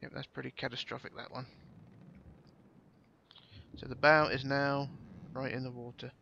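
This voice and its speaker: A man's voice: medium pitch, flat delivery, normal speed, vocal fry, bright, forceful tone, highs cut off, slight background noise. A man giving casual, chatty commentary while playing a game, swearing now and then and thinking aloud. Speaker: gameplay commentator.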